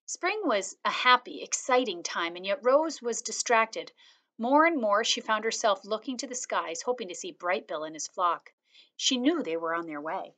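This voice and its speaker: A woman reading a children's novel aloud, one chapter after another. Her delivery is calm and steady, in a voice of ordinary middle pitch. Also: moderate pace. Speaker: reader.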